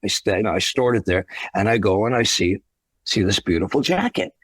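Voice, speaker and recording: Brief: male guest musician telling a tour story, animated and expressive, dry close sound. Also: fairly low pitch, a little fast, breathy edge, dry recording. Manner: animated, acts out the voices in his stories. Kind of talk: anecdotal storytelling.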